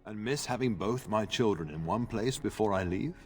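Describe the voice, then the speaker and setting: A man's voice: fairly low pitch, moderate pace, slightly rough, faint music behind. An actor playing an older noble father in a fantasy game, speaking with fond, wry humor. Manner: lively, wry, fond teasing. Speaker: game character. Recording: long reverb from game audio.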